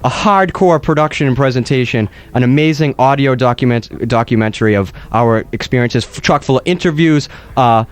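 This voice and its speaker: A man's voice: mid-range voice, brisk, hardly any pauses. A man hosting a comedic radio show, rambling and playful with mock-dramatic asides.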